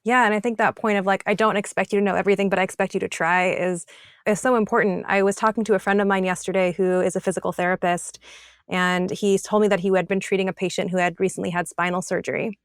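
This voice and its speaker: A woman's voice: medium pitch, fairly even intonation, fast talker, smooth, no echo, studio quality. A woman hosting a podcast interview, responding in an affirming way and sharing a related anecdote. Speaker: podcast host.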